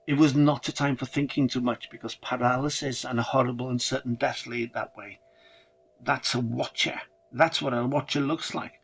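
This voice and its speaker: A man's voice: medium pitch, rough recording. A man narrating a first-person horror story dramatically, with casual swearing.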